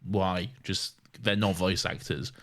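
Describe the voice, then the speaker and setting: A man's voice: low-pitched, little pitch movement, takes it slowly, a bit bright. A man co-hosting a podcast in casual film chat, swearing freely, ranting and laughing often. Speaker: podcast co-host.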